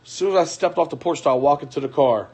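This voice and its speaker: A man's voice: fairly high pitch, fast, a little mellow, husky. A man ranting casually on a livestream at home at night, profane and heated, repeating himself and breaking into laughter.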